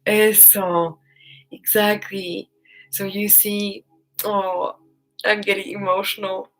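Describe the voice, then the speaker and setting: A woman giving a live online talk as a personal development coach, gentle and encouraging, pausing often and laughing now and then. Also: mid-range voice, flat delivery, faint music behind, poor audio. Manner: speaks with many pauses and fillers.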